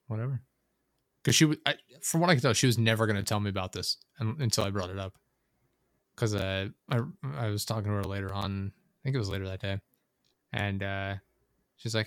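A man's voice: lowish voice, fairly quick, pauses often, dry recording. Profane guy ranting casually, rambling stories, dead dry sound. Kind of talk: casual chat.

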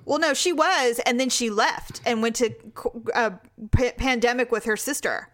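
Sarcastic gossip co-host, female, smooth-voiced, dry close sound. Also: fairly high pitch, normal speed, no room sound. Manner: chatty, sarcastic, animated storytelling. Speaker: podcast co-host. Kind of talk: casual celebrity gossip chat.

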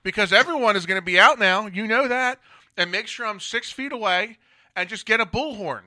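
A man's voice: high voice, a little fast, pushed and bright. A male podcast host in casual chat, blunt and ranting, swearing freely. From Philadelphia area. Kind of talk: casual talk show chat.

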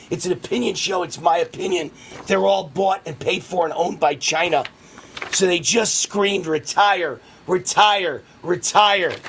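A man hosting a political talk radio show, delivering a rapid, heated ranting monologue. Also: sits high, husky.

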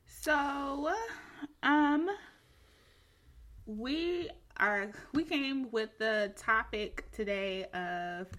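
A woman's voice: a little high, lively intonation, extremely slow, a bit bright. A woman hosting a podcast, chatty and giggly in casual chat. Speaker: podcast host.

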